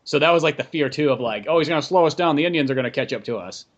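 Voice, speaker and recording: A man's voice: a little high, animated, racing, highs cut off. Man co-hosting a casual movie podcast. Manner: loose and rambling, jokes with put-on character lines. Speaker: podcast co-host.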